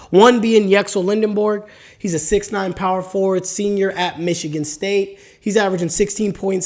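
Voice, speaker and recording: A man hosting his own solo basketball podcast, talking casually with slang and reading off player stats, with the hiccups. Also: high voice. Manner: casual, slangy, hype, reads off stat lines. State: has the hiccups. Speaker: podcast host. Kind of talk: solo sports podcast talk.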